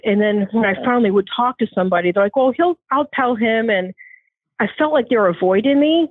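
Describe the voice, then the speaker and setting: A woman's voice: mid-range voice, dry recording. A woman earnestly recounting a frightening personal ordeal, often restarting and acting out what others said to her. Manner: earnest, restarts often, acts out quoted voices. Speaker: guest telling her story. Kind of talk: emotional personal testimony. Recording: tinny phone line.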